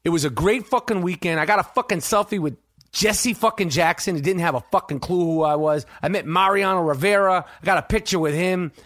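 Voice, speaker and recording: A man hosting a podcast, telling a rambling, profane, excited story full of restarts. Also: high voice, fairly quick. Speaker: podcast host. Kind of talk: casual storytelling monologue.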